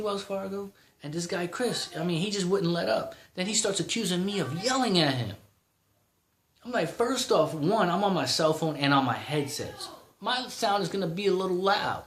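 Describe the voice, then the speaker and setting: A man's voice: on the high side, a bit bright, reverberant. Heated, exasperated man in his thirties. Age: 30s. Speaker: vlogger. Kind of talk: ranting vlog.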